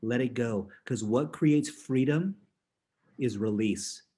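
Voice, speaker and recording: A man giving an upbeat motivational talk at an ordinary middle pitch. He laughs often and slips into little character voices as he tells his stories. His delivery swings between fast bursts and slow, stressed words. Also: dark tone, slightly rough. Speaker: motivational speaker.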